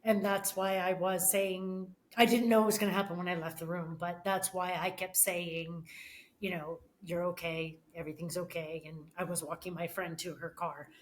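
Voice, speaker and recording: A middle-aged woman, a podcast guest, telling a personal story with many restarts and pauses, often emotional. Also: on the low side, level tone, a little hiss or hum. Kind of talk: casual conversation.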